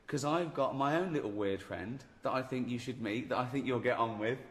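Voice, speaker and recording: A man's voice: medium pitch, fairly quick. Male comic host, dry and sarcastic; office with long reverb. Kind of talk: comedy sketch presenting.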